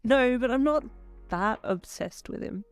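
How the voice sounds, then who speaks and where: A woman's voice: a little high, expressive, measured pace, clean tone, soft background music, voice pushed up. A woman voicing a sulky, lovesick young woman who huffs and pleads, in a fan fiction audio reading. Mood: sheepish.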